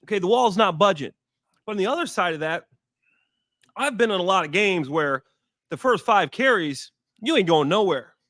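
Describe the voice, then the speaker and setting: A man's voice: high-pitched, lively intonation, normal speed, fairly bright tone, no echo, clean studio sound. A man in his thirties, a former pro football player, talking through a game in casual, emphatic analysis and repeating key points for stress. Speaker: former NFL player, guest. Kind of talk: casual sports analysis chat.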